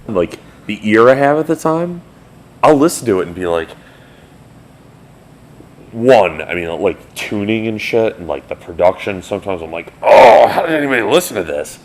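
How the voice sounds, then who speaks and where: A man's voice: fairly low pitch, normal speed, long pauses. A man in his forties, a band member telling old studio stories in a casual, profane, rambling way. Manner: profane, rambling, animated retelling. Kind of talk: casual storytelling interview.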